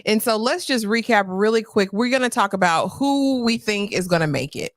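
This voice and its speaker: A woman hosting a casual, slangy recap chat, telling the story with animated asides. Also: mid-range voice, moderate pace, no echo, clean studio sound. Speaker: host.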